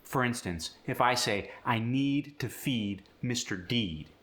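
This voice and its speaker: Unhurried male accent coach. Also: medium pitch, expressive, fairly bright tone. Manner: explains sounds step by step, then reads an example sentence. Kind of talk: accent tutorial.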